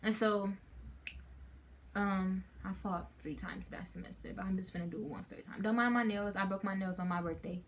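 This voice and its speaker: A woman's voice: medium pitch, fairly even intonation, moderate pace, a little hiss or hum. Chatty teen girl vlogger, rambling storytime. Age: teens. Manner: chatty, rambling with many fillers and restarts. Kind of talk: casual storytime chat.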